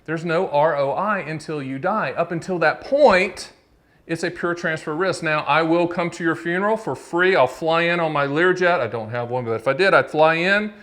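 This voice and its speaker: A man in his fifties talks straight to camera in a casual explainer, his voice pitched a little above the usual male range. He jokes and teases his producer, wanders into tangents and then snaps back to the point. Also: moderate pace, a bit bright. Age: 50s. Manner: joking, chatty, teasing his producer, frequent digressions. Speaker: annuity agent hosting his own video series.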